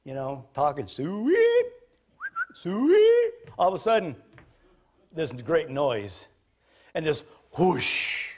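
A man, a pastor, preaching a sermon in an animated, jokey storytelling manner. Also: fairly high pitch, slow pace, pauses often.

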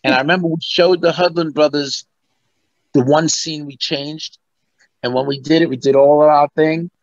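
In an interview, a guest musician animatedly recounts stories and voices the people in them. He speaks at a fairly high pitch; the recording has no echo and its highs are cut off.

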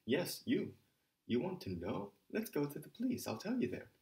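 A man's voice: fairly high pitch, wildly swooping pitch, moderate pace, creaky, darkish tone, pitched above the performer's own voice, heavily acted. A man reading the part of a brooding young former student who speaks lazily and pensively. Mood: curt. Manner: lazy, pensive delivery. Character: brooding young male ex-student, aloof and mocking.

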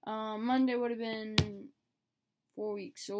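A woman's voice: a little high, level tone, takes it slowly, darkish tone. A young woman in a casual vlog, talking to her viewers in a chatty, rambling and playful way. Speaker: vlogger.

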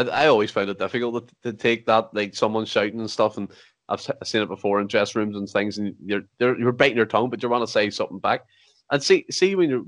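A man hosts a casual interview, his voice sitting on the low side. He asks long, meandering questions in an easy, chatty way. The sound is dry and close to the mic. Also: no echo. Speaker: podcast host.

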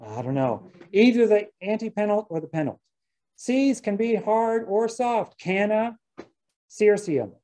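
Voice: medium pitch, animated, unhurried, mellow, poor audio. A botany lecturer giving a casual talk to gardeners, chatty, often restarting sentences and dropping wry asides.

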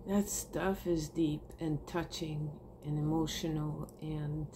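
Woman, slow heartfelt monologue, swears casually, faint room hum behind. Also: sits low, steady tone. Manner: earnest, heartfelt, swears casually, laughs often. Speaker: spiritual vlogger. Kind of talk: emotional personal monologue to viewers.

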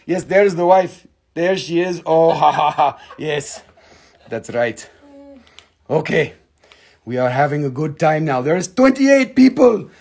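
Guy hosting a crystal sale livestream, goofy and rambly, high raspy voice with lots of gravel. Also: lively intonation, slow pace. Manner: goofy, rambling, jokes and sudden shouts. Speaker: host selling crystals on a live stream. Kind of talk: playful live-stream sales chat.

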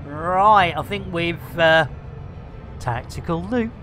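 A man streams a space game, chatting and joking as he plays in casual gameplay commentary. His voice is fairly high and slow, and his jokey, rambling banter is packed with fillers over background music.

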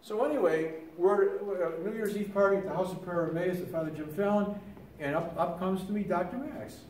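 Older male lay teacher, chatty storyteller full of restarts, higher pitch, faint room hum behind. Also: brisk, a little mellow, roomy sound, recorded from a distance, low-quality recording. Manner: conversational storytelling with many restarts. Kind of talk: teaching talk on prayer.

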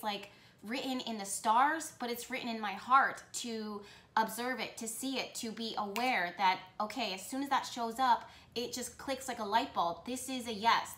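A woman giving a tarot reading for her channel, talking with excitement and often breaking off to correct herself. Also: fairly high pitch, roomy sound. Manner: excited, rambling, self-correcting. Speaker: tarot reader.

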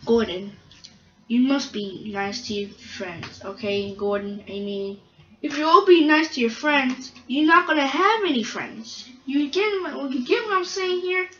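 A woman's voice: sits high, measured pace, roomy sound, recorded from a distance, lo-fi sound, pitched above the performer's own voice. A woman voicing a stern male steam engine who lectures his friend in a fan-made toy train story, with repeated questions. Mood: lecturing.

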